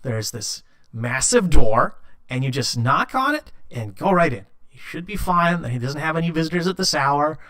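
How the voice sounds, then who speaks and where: A man voicing a polite, unhurried male elf receptionist in a tabletop game. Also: on the high side, big pitch swings, a bit bright. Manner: measured and courteous. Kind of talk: tabletop game role-play.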